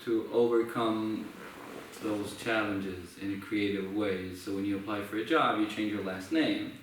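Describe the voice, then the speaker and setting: A young man with an Israeli accent, a musician talking in a reflective, halting way with many restarts. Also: on the low side. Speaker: musician sharing his story. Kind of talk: casual conversation. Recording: echoey room, from far off, faint noise.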